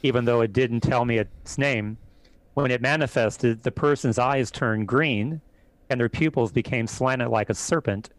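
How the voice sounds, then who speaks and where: A man, a priest, calmly recounting events as an interview guest in a measured way. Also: medium pitch, no room sound, low-quality recording. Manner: calm, measured retelling. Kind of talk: interview storytelling.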